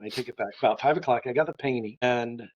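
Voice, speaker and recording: A man from Florida tells stories as a podcast guest, lively and conversational. His voice sits at an ordinary middle pitch. The recording sounds a little dull and lo-fi. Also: fast, a little hiss or hum. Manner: lively storyteller. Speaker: guest, art historian. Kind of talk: conversational anecdotes.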